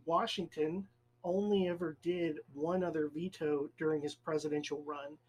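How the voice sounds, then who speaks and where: A man's voice: a little high, steady tone, normal speed, a little mellow, husky, rough recording. A man co-hosting a podcast, casually explaining a history fact in a loose, rambling way with fillers. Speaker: podcast co-host.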